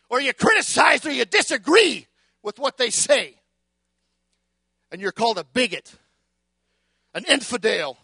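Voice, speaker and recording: A male preacher delivering a fiery sermon, shouting with emphasis and building long repeated litanies, often stumbling over repeated words as he starts a phrase. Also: very high-pitched, breathy edge, no echo.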